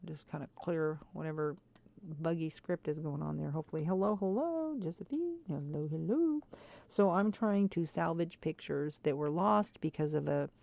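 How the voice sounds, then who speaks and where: A woman streaming a game and chatting to viewers, swinging between frustrated muttering and excited squeals. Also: deep voice, moderate pace, vocal fry, dry recording. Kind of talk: casual gameplay chat. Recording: dull lo-fi stream audio.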